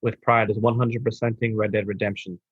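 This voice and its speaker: Low husky dude on a gaming podcast, sore throat, kinda dull lo-fi sound. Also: male voice, a little fast, dry recording. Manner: relaxed, laid-back, says "bro". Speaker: podcast co-host. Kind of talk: casual chat.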